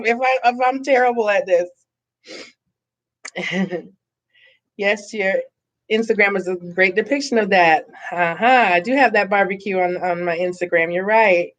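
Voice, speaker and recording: A woman's voice: fairly high pitch, a bit bright. A woman who was born in Boston and raised in Tampa, Florida, chatting casually in her living room by the fire on a live stream. She reads viewer comments aloud, laughs often and talks with lots of fillers.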